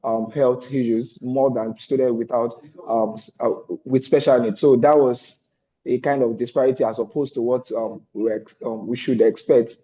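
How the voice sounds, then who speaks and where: A man's voice: mid-range voice, fairly even intonation, normal speed, warm tone, slightly rough. A man giving a hesitant update on an online call, with many fillers. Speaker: fellowship student. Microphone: video call. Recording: dull lo-fi call audio.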